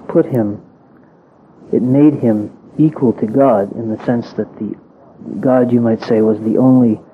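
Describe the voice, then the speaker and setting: A man giving a reflective, measured talk explaining scripture, pausing often as he thinks. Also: fairly low pitch, a little hiss or hum. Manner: measured, reflective, pauses with ums. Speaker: religious teacher. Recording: tinny phone-like lo-fi recording.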